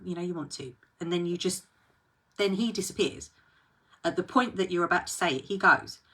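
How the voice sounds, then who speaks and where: A woman with a lowish, husky voice talks to the camera as a coach. She thinks aloud in an earnest way and speaks directly to the viewer. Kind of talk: reflective talk to camera.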